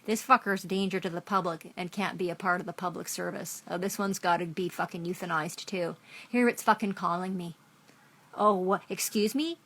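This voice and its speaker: A woman's voice: lowish voice, fairly even intonation, brisk, fairly bright tone. A middle-aged woman ranting furiously into the camera, profane and accusatory, repeating herself as she goes. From Canada. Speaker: vlogger. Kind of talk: angry rant to camera.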